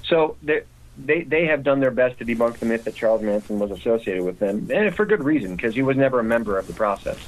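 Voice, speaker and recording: A man's voice: medium pitch, lively intonation, quick pace, low-quality recording. A man speaking as a guest in a casual interview, talking conversationally with frequent restarts.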